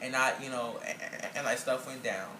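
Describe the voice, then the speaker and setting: A man talking in a casual group chat, an animated reality show cast member who laughs easily. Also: mid-range voice, brisk, crowd noise. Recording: echoey room with noticeable noise.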